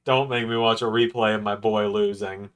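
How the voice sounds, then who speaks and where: A young man hosting a casual watch-along, chatty and knowledgeable with quick asides. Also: lowish voice, fairly even intonation, fairly bright tone. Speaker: host.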